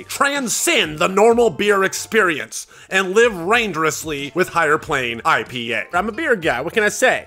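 Man doing a loud beer-bro ad guy, bright and bouncy. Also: sits high, full character voice. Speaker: sponsor ad read. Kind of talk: comedic ad read.

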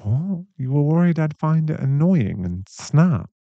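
A man playing a gentle, gravelly boyfriend. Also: on the high side, big pitch swings, dry recording, muffled recording. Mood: tender. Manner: soft, reassuring, slow-spoken. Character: caring, protective young boyfriend, gentle and patient. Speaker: ASMR voice actor. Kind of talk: whispered role-play.

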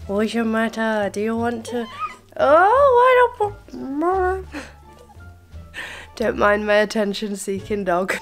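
A woman's voice: on the high side, animated, slow, soft background music. A young woman vlogging casually from home, chatting and cooing at her dog in a sing-song baby voice.

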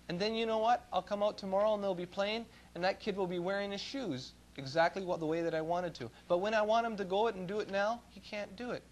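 A middle-aged Canadian man preaching in church, his voice sitting a little above the usual male range. He tells homey stories in a folksy way, pushing some words out loudly and dropping others to quiet asides. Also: quick pace, hardly any pauses. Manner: folksy storytelling, swings between loud emphasis and low asides. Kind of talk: sermon.

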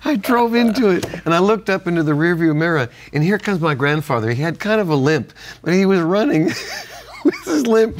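A man's voice: high voice, wildly swooping pitch, moderate pace, slight background noise. An older man co-hosting a Bible-teaching chat, telling stories and laughing often. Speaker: co-host.

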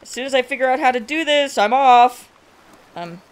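A young woman playing through a story game, chatting excitably and reacting with little stammers. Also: high voice, moderate pace, smooth. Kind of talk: casual let's-play commentary. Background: game music.

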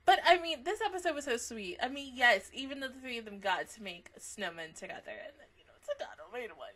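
A young woman's chatty anime reaction with a bright, forceful edge to her voice, pitched a touch high. She gets excitable, laughs often, and swears casually as she gushes about the episode. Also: moderate pace, slight background noise.

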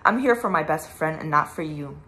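A woman's voice: deep voice, animated, brisk, fairly bright tone. A young woman vlogging about her late best friend, tearful at times and then angrily cursing at people who hurt her. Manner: grieving then angry, profane ranting. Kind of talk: emotional direct-to-camera vlog.

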